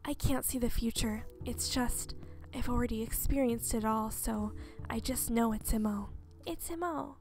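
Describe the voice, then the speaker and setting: A woman reading a game's gentle, protective young male lead in a breathy, hushed whisper. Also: on the high side, normal speed, faint music behind, natural voice. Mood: grave. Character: gentle protective young man, anxious and tender.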